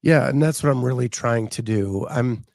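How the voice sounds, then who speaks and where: A man with a gravelly, dark voice speaks haltingly on a live check-in. He is tearful and emotional, breaking off his phrases, and the sound is dry and close. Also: mid-range voice, no room sound. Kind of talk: live weight-loss check-in.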